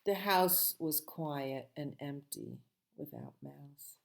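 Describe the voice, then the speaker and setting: A middle-aged woman, a children's librarian, reading picture books aloud and chatting gently and playfully with small children. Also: low-pitched, slow, gravelly.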